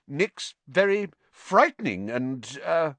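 A man voicing a hurried, anxious schoolboy who hesitates when he speaks. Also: fairly high pitch, very animated, a bit bright, no echo, pitched above the performer's own voice, heavily acted. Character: anxious, cold hungry schoolboy.

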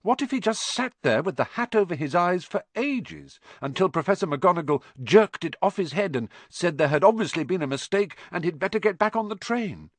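Reading an audiobook at a fairly quick clip with few pauses, this man tells the story in a lively, animated way. His pitch climbs and drops often. The sound is dry and close-miked, free of any room tone.

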